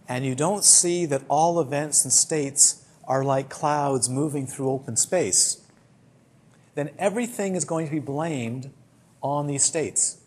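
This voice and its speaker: A man's voice: medium pitch, a little mellow, husky. A man with a British accent, a meditation teacher giving a conversational teaching talk to a retreat group, full of anecdotes. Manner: conversational, anecdotal, acts out quoted complaints.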